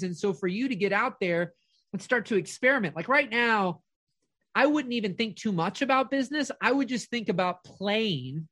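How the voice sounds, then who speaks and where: This middle-aged man's high, fairly bright voice comes through with no echo as he coaches a caller. It's a motivational coaching call, and he stays earnest and affirming, stating things firmly.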